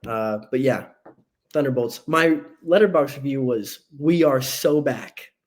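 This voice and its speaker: A man co-hosting a casual movie podcast, bantering playfully with boastful jokes and quick asides. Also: mid-range voice. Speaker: podcast co-host.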